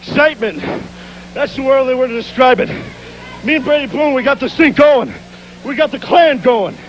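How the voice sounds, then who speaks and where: Man, pro wrestler, out of breath, boastful pumped-up promo, very high voice. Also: normal speed, slight background noise, low-quality recording.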